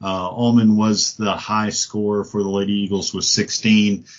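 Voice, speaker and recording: A man's voice: lowish voice, moderate pace. A man co-hosting a sports podcast, talking casually and rambling with lots of fillers. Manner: relaxed, rambling, many fillers. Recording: dull lo-fi audio.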